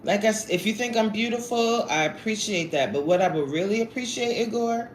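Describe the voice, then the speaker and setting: Speaking briskly and with animation in a mid-range voice, a woman in her forties plays around on a live stream, calling out chat names while eating. Faint noise and a roomy echo fill the audio.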